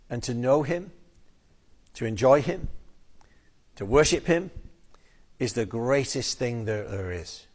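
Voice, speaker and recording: A man preaching an expository sermon, earnest and emphatic, slowing down on key phrases and sometimes repeating words. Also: medium pitch, lively intonation, darkish tone.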